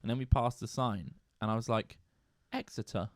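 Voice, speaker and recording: A man's voice: mid-range voice, steady tone, a little fast, no room sound, clean studio sound. A British man co-hosting a podcast, chatting casually with playful, teasing banter. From Britain. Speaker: podcast co-host. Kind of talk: casual chat.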